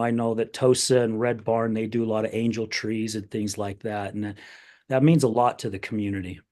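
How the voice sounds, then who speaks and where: A middle-aged man with a mid-range, slightly mellow voice hosts a podcast, sharing a heartfelt family story in casual conversation. He grows emotional and acts out the voices of his relatives.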